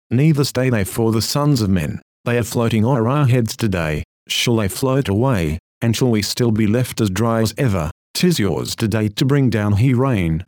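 A man's voice: mid-range voice, a little mellow, no room sound. Guy preaching an old-style sermon, earnest and urging, dry close sound. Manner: earnest, exhorting. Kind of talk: reading a historical sermon.

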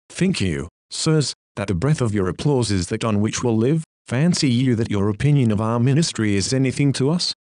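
A man's voice: mid-range voice, darkish tone, no room sound, studio quality. Stern solemn male preacher. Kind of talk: sermon reading.

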